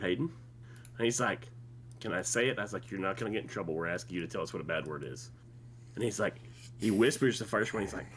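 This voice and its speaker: A man's voice: sits low, fairly bright tone, a little hiss or hum. A man co-hosting a podcast, telling a family story in casual chat and acting out each person's lines. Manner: acts out voices in stories. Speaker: podcast co-host.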